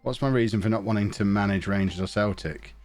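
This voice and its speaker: A man's voice: fairly low pitch, fast talker, a little mellow, soft background music. A young man chatting casually to his viewers while streaming a game from a small home office, talking close into a desk mic in a rambling way. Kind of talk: casual live-stream chat while gaming. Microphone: desk mic close to the mouth.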